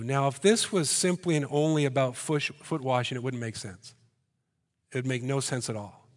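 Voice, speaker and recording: Joking pastor in a reverberant hall. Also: male voice, mid-range voice. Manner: conversational, joking asides and rhetorical questions. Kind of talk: sermon. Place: church hall before a congregation.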